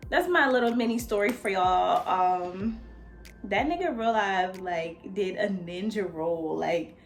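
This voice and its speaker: A woman nail technician telling a casual storytime, animated and profane, talking straight to her viewers as "y'all.". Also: mid-range voice, takes it slowly. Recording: echoey room.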